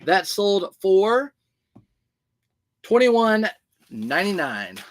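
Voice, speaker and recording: Speaking extremely slowly with big swings in pitch, a high-voiced man runs a casual clothes-reselling livestream. His talk is loose and chatty, and he replies to viewer comments as they pop up.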